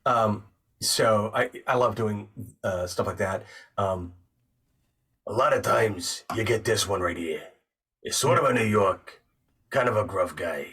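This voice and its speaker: A young man chatting as a podcast guest, an animated storyteller who swings from low mumbling to loud excited bursts. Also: a little slow, pauses often, breathy edge, far from the mic. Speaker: podcast guest, actor and narrator. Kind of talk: casual chat.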